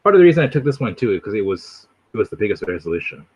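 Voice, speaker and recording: A man chats loosely on a livestream, wandering from topic to topic. His voice swings up and down with lively inflection, and the recording sounds dull and lo-fi. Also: lowish voice, rapid-fire, breathy edge. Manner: rambling, animated, jumps between topics. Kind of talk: casual livestream chat.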